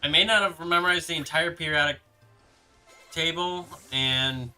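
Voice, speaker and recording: A young man with a very bright, forceful voice chats loosely on a live stream, often restarting his sentences as he answers viewers. Soft background music plays behind him. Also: a little high, clear, resonant tone. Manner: rambling, halting, reads chat aloud and answers. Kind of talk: casual live-stream chat.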